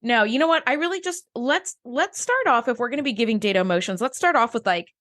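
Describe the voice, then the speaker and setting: A woman co-hosting a podcast in casual chat, wry and quick to agree. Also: on the high side, lively intonation, fairly bright tone. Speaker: podcast co-host.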